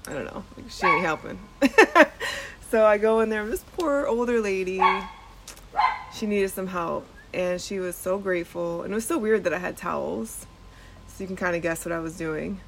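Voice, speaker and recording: A woman's voice: mid-range voice, normal speed, vocal fry, background noise. A woman podcast host and nurse telling a story in a casual, chatty way, full of "like" and "um," recorded outdoors on a front porch. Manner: chatty, with frequent "like" and "um" and laughter.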